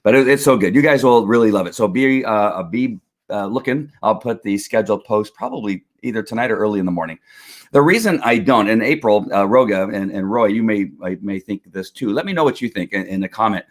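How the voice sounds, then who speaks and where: A man's voice: on the low side, fairly quick. A middle-aged man hosting a casual livestream, rambling with lots of restarts and chuckles. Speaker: host of a faith and politics livestream.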